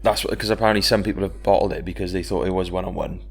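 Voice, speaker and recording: A man in casual podcast chat, easygoing and quick with banter. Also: deep voice, fairly even intonation, gravelly, husky. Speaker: podcast co-host.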